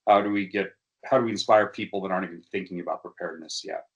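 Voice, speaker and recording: A man's voice: deep voice, steady tone, rapid-fire, dull audio. A man giving a workshop presentation, talking hesitantly with frequent fillers and restarts. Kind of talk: educational workshop talk.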